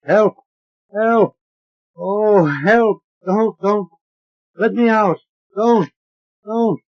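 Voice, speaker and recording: A man doing a shrill trapped voice screaming for help. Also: very slow, a little hiss or hum. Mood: terrified. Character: trapped man crying out from deep within a body. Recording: dull lo-fi transfer of an old record.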